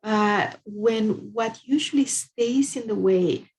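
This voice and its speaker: A woman's voice: medium pitch, takes it slowly, darkish tone, poor audio. Woman telling a spiritual parable with many fillers. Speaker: therapist and author.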